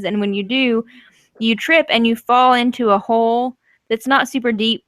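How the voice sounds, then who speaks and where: A woman's voice: medium pitch, fairly bright tone, dry recording. A young woman narrating as game master, laughing often as she goes.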